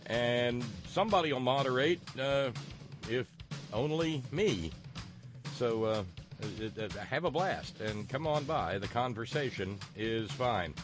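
A man's voice: medium pitch, animated, a little slow, over music. A man with a Southern US accent from West Virginia, hosting a radio talk show in a folksy, rambling way with many fillers and restarts.

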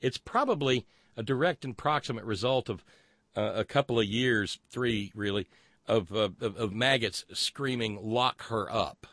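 A man's voice: medium pitch, moderate pace, a bit bright, no echo, studio quality. A man hosting a political commentary show, sarcastic and mocking as he reacts to clips.

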